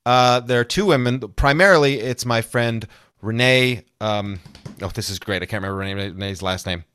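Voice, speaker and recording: A man's voice: medium pitch, normal speed, a bit bright, clear, resonant tone. A man chatting as a podcast guest, rambling through asides and laughing often. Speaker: podcast guest, comedy songwriter. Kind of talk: casual interview chat.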